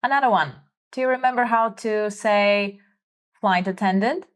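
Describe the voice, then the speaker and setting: A woman's voice: medium pitch, normal speed, noisy background. A woman hosting a vocabulary lesson, pronouncing words carefully so learners can repeat them. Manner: careful, clear enunciation for repetition. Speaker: language teacher host.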